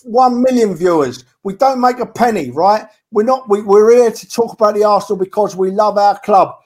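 Passionate high-voiced man. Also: a little mellow. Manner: passionate, emphatic, repetitive. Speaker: podcast co-host. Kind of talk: casual podcast chat.

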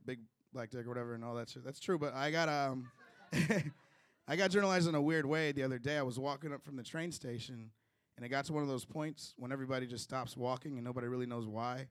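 A man's voice: medium pitch, no echo. A young man from Chicago doing a loose, chatty stand-up set with crowd work, chuckling through his own jokes. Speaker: stand-up comedian.

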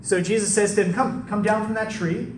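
Guy preaching, chatty storytelling sermon, higher voice, echoey room, mic kinda far off. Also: brisk. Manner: conversational, animated storytelling with rhetorical questions. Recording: roomy, distant mic with faint background noise.

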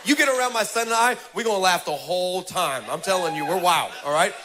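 A male pastor preaching a sermon, telling a funny story with lively, humorous delivery and building to fervent exhortation. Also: sits high, quick pace.

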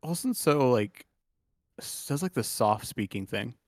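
A man's voice: mid-range voice, expressive, unhurried, darkish tone, no room sound, studio quality. Loose, joking man on a podcast. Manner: loose, rambling, jokey, laughs often. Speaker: podcast co-host. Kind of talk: casual sports chat.

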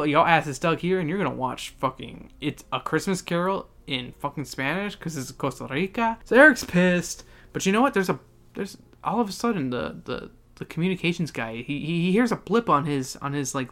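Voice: mid-range voice, animated, normal speed, fairly bright tone. A podcast host giving a rambling, profane, joking book recap.

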